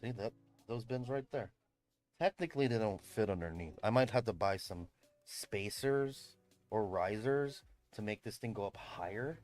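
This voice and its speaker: A man's voice: lowish voice, lively intonation, moderate pace, a little mellow, soft background music. A man chatting casually on a livestream from his room at home, rambling, swearing and laughing often. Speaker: livestreamer and event host. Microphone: streaming mic.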